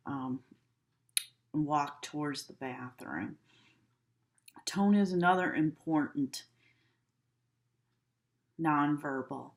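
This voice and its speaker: Woman teacher recording a class at home, slow-paced, demonstrative. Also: low-pitched. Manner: slow, demonstrative, acts out tones and gestures.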